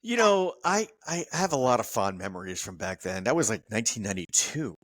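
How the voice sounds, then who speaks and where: A man's voice: on the low side, big pitch swings, a little fast, a bit bright, dry recording. A man in his fifties from New Jersey hosting a casual chat, reminiscing animatedly and laughing often. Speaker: podcast host.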